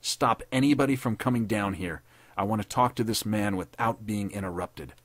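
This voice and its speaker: A man's voice: on the low side, moderate pace, dry recording, lightly acted. A man playing a harsh, sneering army captain. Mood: menacing. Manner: barking, sneering and savage. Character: hard stern male army captain, bitter.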